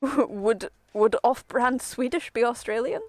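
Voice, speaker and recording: A woman's voice: fairly high pitch, a little slow, no room sound, soft background music. A woman streaming a video game, chatting casually in a rambling, self-interrupting way and laughing often.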